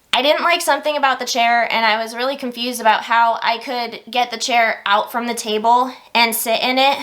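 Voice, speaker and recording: Woman vlogger, casual storytelling to camera, expressive and animated delivery, voice sits a bit high.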